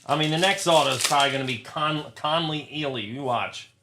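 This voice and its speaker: A man's voice: on the high side, fairly quick, pushed and bright. A young man hosting a live trading card break, talking to his chat, frustrated and swearing often. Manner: profane, frustrated, talks to chat.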